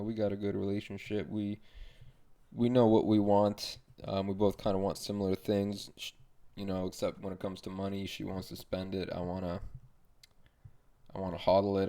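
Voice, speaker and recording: A young man talks through a solo podcast in a low voice with a gravelly, fry-filled edge. He rambles from thought to thought, swearing freely and poking fun at himself. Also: dark tone. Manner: profane, rambling, self-mocking. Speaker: podcast host.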